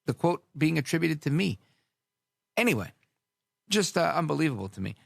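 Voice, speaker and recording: A man's voice: on the high side, normal speed, gravelly, dry recording, studio quality. A man hosting a talk radio show, delivering a sarcastic, rambling monologue full of asides. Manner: sarcastic, animated, drifts into asides.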